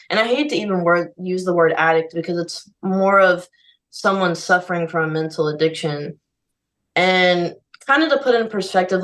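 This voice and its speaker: Candid and heartfelt, a young adult woman talks as a podcast guest in a conversational interview, leaning on "like" and "you know" often. Her pitch is fairly low and her tone fairly bright. She was recorded from a distance, and the audio is poor.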